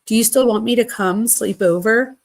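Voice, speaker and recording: A woman hosting a true crime channel, reading text messages aloud in a plain conversational voice with quick asides. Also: fairly high pitch, gravelly.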